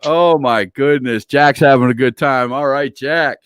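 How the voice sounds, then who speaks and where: A man's voice: medium pitch, measured pace, clean tone, dry recording, clean studio sound. A man hosting a casual livestream interview, playful and teasing as he reads viewer comments aloud. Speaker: interview host.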